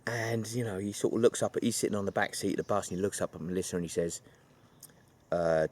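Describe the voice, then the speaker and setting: A man's voice: on the low side, fast talker, a little mellow. A man retelling a film plot in a rambling, chatty way, full of asides. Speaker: film reviewer.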